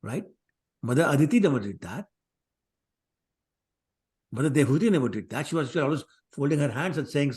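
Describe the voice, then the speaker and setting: A man's voice: on the high side, expressive, fairly quick, pauses often, darkish tone. Conversational male scripture teacher. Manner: conversational, digressive, acts out quotes. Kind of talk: scripture class lecture with storytelling.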